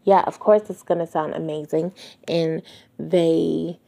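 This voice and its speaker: A podcast host, a woman, reads a novel aloud in a relaxed way, with asides and fixes for misread lines. Her slow, gravelly voice sits low with a steady, dark tone and wet mouth sounds, and the home recording isn't soundproofed.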